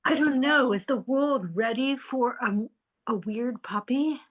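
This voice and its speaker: A woman's voice: high voice, takes it slowly, fairly bright tone. A woman performing in an improvised comedy scene, chatty and commenting on what the others do.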